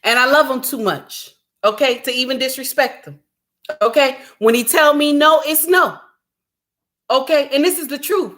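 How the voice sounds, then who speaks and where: A middle-aged woman, giving an impassioned commentary monologue, repeating her points and shouting for emphasis. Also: sits high, moderate pace. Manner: preachy, repeats lines for emphasis, shouts at times. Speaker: commentary vlogger.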